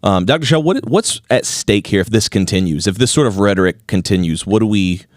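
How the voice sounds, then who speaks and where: A man's voice: on the low side, a little fast, no echo. A man co-hosting a talk podcast who jokes around and interrupts himself in casual studio chat. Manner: lively, joking, self-interrupting. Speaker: podcast co-host.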